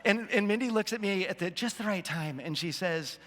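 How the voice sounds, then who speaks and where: A man's voice: high voice, animated, fairly quick, fairly bright tone. A man in his fifties, a pastor telling a self-deprecating story in a sermon to his church. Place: church auditorium. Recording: long hall reverb.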